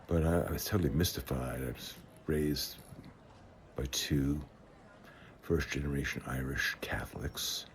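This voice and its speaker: A man, telling stories from his life in an unhurried, conversational way with frequent hesitations and restarts. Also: extremely low pitch, a little hiss or hum. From the Bronx, New York. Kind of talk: reflective personal storytelling. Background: faint guitar music.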